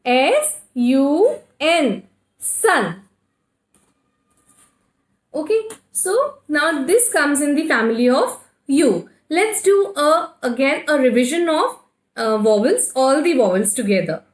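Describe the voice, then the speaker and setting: A woman's voice: high voice, big pitch swings. A woman with an Indian English accent teaching a kindergarten phonics lesson, spelling words out letter by letter and answering her own questions. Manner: slow, spells letters one by one, asks and answers herself. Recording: echoey room.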